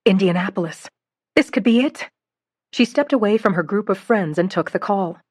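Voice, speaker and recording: A woman narrating a novel for an audiobook in an expressive, steady storytelling voice. Her pitch sits mid-range, and the recording is dry and close, with no room sound. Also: normal speed, husky, no room sound. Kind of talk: scripted narration.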